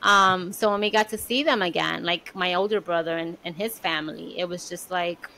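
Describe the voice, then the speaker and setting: A woman co-hosting a podcast, talking in a reflective, casual way with many pauses and fillers. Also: on the low side, gravelly, bright, forceful tone, poor audio. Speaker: podcast co-host. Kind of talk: casual conversation.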